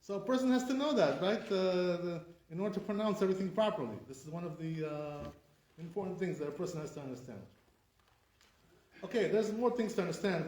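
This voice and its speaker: In a live classroom, a rabbi leads a relaxed lesson, frequently saying "right?" as he performs wrong and right ways to pronounce things. His voice sits high and is a little mellow. It's captured from a distance in a room with noticeable echo.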